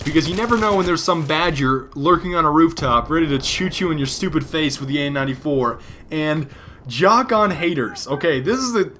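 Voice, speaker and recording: A man's voice: fairly high pitch, animated, a little fast, bright, forceful tone, slight background noise. A man giving joking, rambling gameplay commentary. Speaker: gaming commentator.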